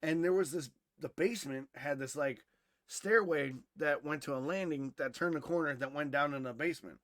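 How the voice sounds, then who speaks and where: A man co-hosting a podcast, telling a story casually, animated and swearing freely, who grew up in Wisconsin. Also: a little high, normal speed, no room sound, studio quality. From Wisconsin, USA. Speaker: podcast co-host.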